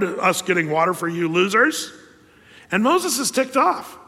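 Male pastor, lively storytelling sermon; fairly high voice, reverberant hall. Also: normal speed. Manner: lively storytelling, asks rhetorical questions.

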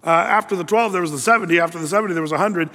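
A male pastor teaching a Bible passage in a chatty, digressive sermon full of asides and rhetorical questions, clearing his throat often. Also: high-pitched, very fast, pushed and bright. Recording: long echoey hall reverb.

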